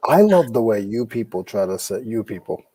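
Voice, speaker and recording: A man with a thick Rhode Island accent chats and jokes in a laid-back way. His voice is dark and a bit husky. The sound is dry and close. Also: on the low side, big pitch swings, brisk, no echo. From New England. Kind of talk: casual chat.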